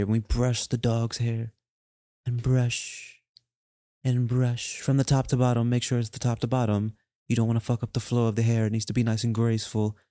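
A man's voice: medium pitch, warm tone, no room sound, clean studio sound, close to an everyday voice. A man voicing a snobbish, pompous rich dog-show owner with a put-on British accent, showing off how he pampers his dog. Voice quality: posh, pompous, drawn-out.

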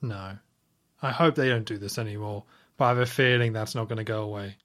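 A man's voice: on the low side, brisk. Wry man recapping a film. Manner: wry, animated recapping with quoted lines. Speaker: podcast co-host. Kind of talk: casual film review chat.

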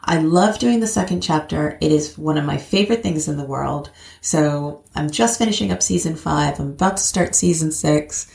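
American woman, middle-aged, low gravelly voice, echoey room, chatty and animated. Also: moderate pace, hardly any pauses. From United States. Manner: chatty, animated, laughs often. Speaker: guest, actor. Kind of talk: casual interview chat.

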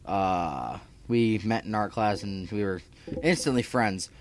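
A man's voice: fairly low pitch, a little slow, a little hiss or hum. A young man talking to his YouTube viewers from home, chatty and scattered, full of fillers and restarts. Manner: chatty, scattered, self-interrupting, filler-heavy. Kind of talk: casual vlog chat. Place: home room.

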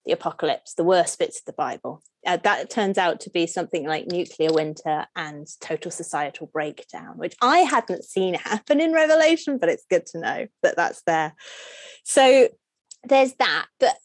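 Speaking as a guest on a podcast interview, this scholar explains at length with animation, asking chains of rhetorical questions and rising sharply in pitch whenever she jokes. She talks at a normal speed.

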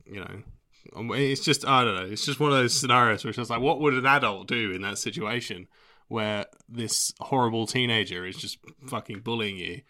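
A man's voice: medium pitch, fairly quick, bright, forceful tone. A young man chatting casually in a rambling, laid-back way, swearing freely as he talks about TV shows. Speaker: vlogger. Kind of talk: casual chat.

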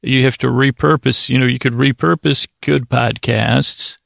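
Man, sleep podcast host, very gravelly, dry close sound, stammering, wry. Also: mid-range voice, steady tone, measured pace, fairly bright tone, dry recording. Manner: stammering, self-interrupting, wry. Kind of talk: rambling casual monologue.

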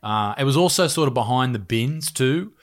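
A man's voice: medium pitch, expressive, moderate pace. Sweary man telling a story. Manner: sweary storyteller, laughs often. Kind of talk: casual chat.

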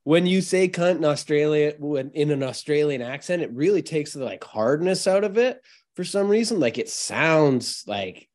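A man's voice: fairly high pitch, animated, normal speed, a little mellow. A man, a band's frontman, chatting casually in an interview, laid-back, self-mocking and swearing freely. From Canada. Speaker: touring band frontman.

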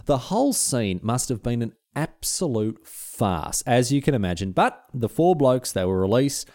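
Animated man telling history. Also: medium pitch, moderate pace. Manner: animated, chatty, slangy. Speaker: podcast host. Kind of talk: comic history storytelling.

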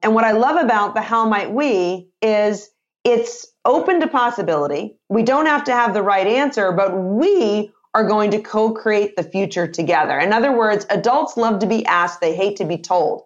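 Casting: woman in her 50s, energetic interview guest, muffled lo-fi audio. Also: mid-range voice, normal speed. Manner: energetic, expressive, acts out example dialogue. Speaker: author and sales trainer.

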